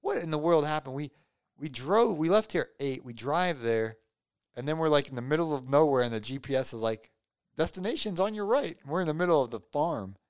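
A man with a fairly high, smooth voice tells rambling stories and teases his friend in casual conversation. The sound is dry and close. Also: expressive, a little fast, no room sound. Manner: teasing, rambling storyteller. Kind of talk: casual chat.

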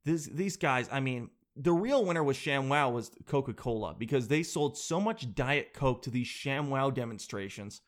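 A man telling a comic story as a comedian, animated and exaggerated, mocking himself. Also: medium pitch, moderate pace, hardly any pauses.

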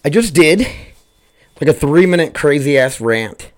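A man with a fairly high, expressive voice hosts his own podcast, speaking a little slowly into a desk microphone at home. His casual solo monologue rambles, and he often loses his train of thought and pokes fun at himself.

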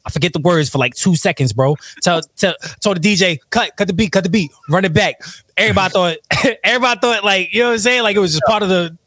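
Rapper guy telling stories, slangy, laughs a lot, kinda high voice, dry sound. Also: fast, no echo. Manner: animated, laughing, profane slang storyteller. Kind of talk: casual storytelling chat.

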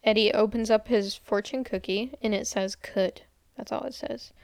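A young woman, a podcast co-host, casually recaps a movie, retelling scenes, quoting characters, and saying "like" a lot. Her mid-range voice is creaky and a little mellow, with fairly even intonation at a normal speed. The recording is dry and studio quality.

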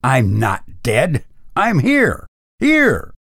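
An imperious young master of a house, voiced by a man reading a story, gives stern, indignant commands. His voice swings widely in pitch, and the sound is close and dry. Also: sing-song, measured pace, no room sound. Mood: pleading.

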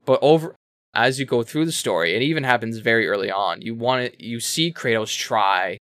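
Brief: man, casual co-host, bright forceful voice, rambling excited retelling, dry sound. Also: mid-range voice, moderate pace, no room sound. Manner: rambling, animated retelling with self-corrections and swearing. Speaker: podcast co-host explaining a game. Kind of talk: casual chat.

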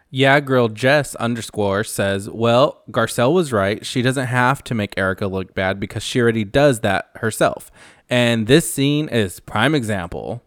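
A man's voice: mid-range voice, smooth, dry recording, clean studio sound. A man hosting a casual reality TV recap, chatty and gossipy, acting out what the cast members say.

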